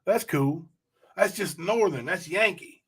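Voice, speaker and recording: Male livestream host, conversational, talks straight to viewers, voice sits a bit high. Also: expressive, unhurried, a bit bright, breathy edge. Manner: chatty, rambling, addresses chat directly. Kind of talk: casual livestream chat reading viewer comments.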